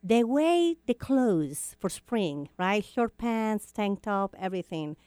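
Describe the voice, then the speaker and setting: Animated Italian-accented woman radio host. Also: mid-range voice, slow, smooth, dry recording, studio quality. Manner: animated, chatty, laughs often. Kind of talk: casual radio chat.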